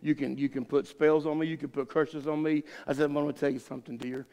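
A man's voice: on the high side, flat delivery, quick pace, darkish tone, long reverb tail. A man pastor teaching a Bible study, telling a folksy, rambling story full of restarts. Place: church sanctuary.

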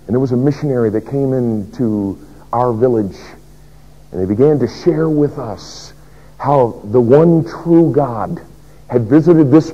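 Pastor with a husky, dark voice. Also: male voice, mid-range voice. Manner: shifts between loud declaration and hushed whisper. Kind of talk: dramatic first-person sermon. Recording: dull lo-fi sermon recording.

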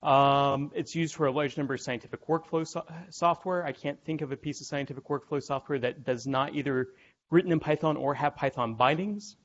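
A man's voice: fairly high pitch, fairly quick. A man giving a technical conference lecture to a room of listeners, with wry, irreverent asides and frequent ums. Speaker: conference presenter. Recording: dull lo-fi conference recording.

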